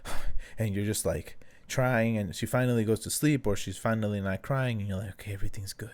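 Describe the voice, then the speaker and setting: A man co-hosting a podcast as a new father, talking in a casual, halting way, with plenty of fillers, a few Spanish words, and his own past thoughts acted out. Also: on the low side, darkish tone. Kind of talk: casual chat.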